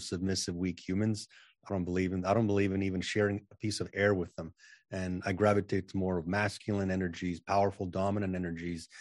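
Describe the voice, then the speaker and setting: A man's voice: sits low, darkish tone, no room sound, clean studio sound. A man talking as a guest in a casual interview, self-assured and emphatic, often repeating words as he starts a sentence. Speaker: podcast guest, channeling coach.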